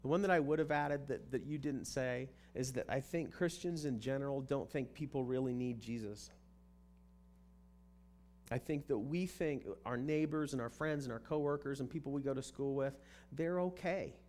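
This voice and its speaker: A man's voice: medium pitch, normal speed, a little mellow. Man, pastor, sermon, conversational, restarts phrases, faint hum behind. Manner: conversational, repeats words as he restarts.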